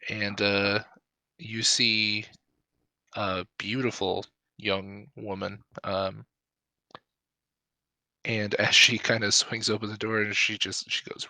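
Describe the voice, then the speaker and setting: Man, dungeon master, lower voice, crisp dry sound, easygoing, ums and uhs. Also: dry recording. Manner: relaxed, halting with many fillers. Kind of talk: narrating a tabletop game.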